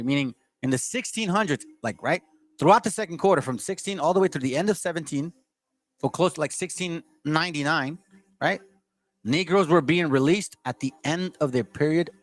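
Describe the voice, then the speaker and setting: Combative man lecturing from a book. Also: a little high. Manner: combative, lecturing straight at the audience; stumbles and restarts while reading aloud. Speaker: channel host. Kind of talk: reading aloud from a history book with running commentary.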